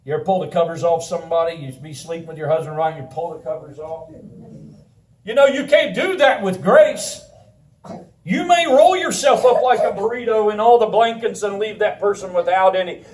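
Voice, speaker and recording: A man preaching a sermon in a conversational, animated way, telling a personal story and laughing often. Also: high-pitched, normal speed. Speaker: pastor. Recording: roomy sound from a distant mic.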